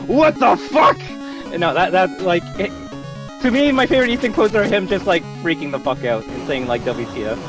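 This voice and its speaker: A young man live-streaming a fighting game, chatting casually with viewers, excitable and swearing often. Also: sits high, distant mic. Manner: excitable, swears often, reads chat aloud. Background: game music.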